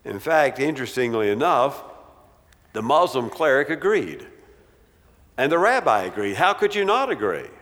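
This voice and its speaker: A man preaching a sermon as pastor, emphatic, with dramatic pauses and a voice that drops low at the ends of phrases. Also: very animated, a bit bright. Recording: long reverb in a large hall.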